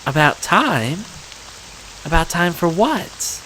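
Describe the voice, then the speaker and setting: A timid fourteen-year-old schoolgirl, as a man puts her on for a game. She pitches up into startled, hesitant little questions. Her voice is bright and swings up and down. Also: sing-song, slow pace, slight background noise, heavily acted, rough recording.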